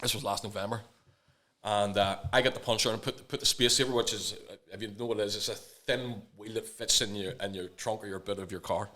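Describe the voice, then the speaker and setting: Man, podcast co-host, quick talker, low voice, blunt, swears a lot. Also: fairly even intonation, pushed and bright. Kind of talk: casual storytelling chat.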